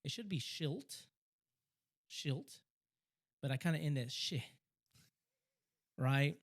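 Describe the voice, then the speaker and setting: A young man co-hosting a podcast, telling a story in a casual chat, talking fast and excitedly, stumbling over and repeating words. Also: a little high. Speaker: podcast co-host.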